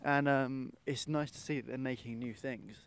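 A man's voice: medium pitch, steady tone, normal speed, clean tone. A young man co-hosting a podcast in easygoing, agreeable chat, steering the talk onward. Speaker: podcast co-host. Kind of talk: casual chat.

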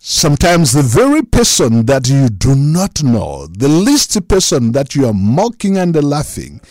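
A man's voice: mid-range voice, a little mellow, no room sound, clean studio sound. A man delivering a sermon in an emphatic preaching cadence, unscripted and full of fervor.

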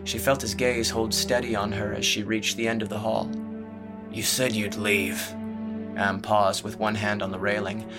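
A man narrating a fantasy novel in a measured, expressive storytelling voice. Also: on the low side. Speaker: audiobook narrator. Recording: music playing underneath.

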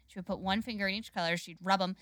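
A woman telling a comic story in casual chat, animated and quick to laugh. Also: mid-range voice, no echo.

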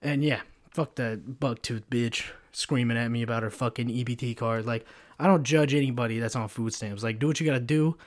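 A man's voice: medium pitch, steady tone, fairly quick. Profane ranting podcast guy. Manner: profane, rambling storytelling with many fillers. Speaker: podcast host. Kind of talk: casual solo podcast rant. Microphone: pop filter mic.

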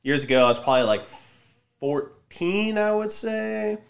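A man telling a story in casual podcast chat, acting out shouted lines with energy. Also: high voice, moderate pace, vocal fry. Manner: animated, loud when acting out shouted lines.

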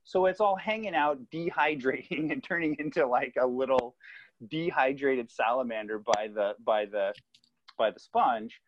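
A man's voice: medium pitch, moderate pace, dry recording. A man, a podcast co-host, telling a story in casual chat and acting out the voices of the people in it. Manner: animated, acts out kids' voices while telling a story. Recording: dry, slightly dull sound.

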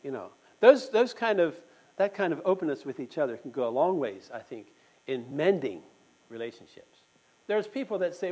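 Just after having a tooth pulled, a man gives an earnest, conversational sermon at a church meeting, engaging listeners directly with questions. His fairly high voice is warm and sing-song at normal speed, captured in a low-quality recording.

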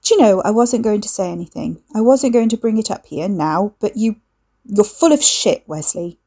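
A woman's voice: mid-range voice, expressive, normal speed, husky. A woman reading the lines of a needy young woman who turns cold and accusing. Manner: accusing, sharp, clingy. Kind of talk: audiobook dialogue reading.

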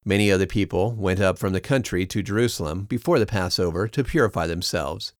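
Low-voiced man reading scripture aloud. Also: fairly quick, no room sound, clean studio sound. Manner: steady, lifts voice for quoted speech. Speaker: scripture reader.

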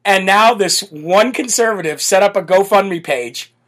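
A man's voice: high-pitched, unhurried, fairly bright tone. A man hosting a political talk show, ranting in a brash, sarcastic and mocking way. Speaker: political podcast host.

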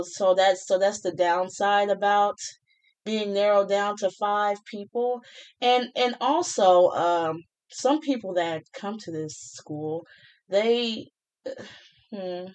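Slow, hesitant young woman podcaster. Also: fairly low pitch. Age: young adult. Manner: hesitant, many fillers and restarts. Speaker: podcast host. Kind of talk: casual podcast monologue. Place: small apartment.

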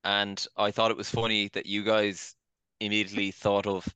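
A young man chatting on a podcast with playful ribbing. His voice is bright and crisp, with a low pitch, and the sound is dry and close. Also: level tone, moderate pace, dry recording. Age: young adult. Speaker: podcast co-host. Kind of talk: casual chat.

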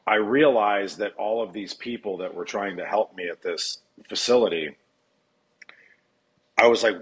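A man's voice: lowish voice, measured pace, rough recording. A man from Nebraska telling his recovery story as a podcast guest, candid, blunt and profane.

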